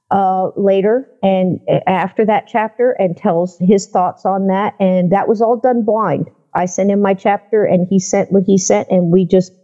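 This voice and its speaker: A woman guest on a podcast, telling her experiences in a casual, animated way and acting out the people in her stories. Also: medium pitch, muffled recording. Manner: animated storyteller who acts out the people in her anecdotes. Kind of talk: casual storytelling interview.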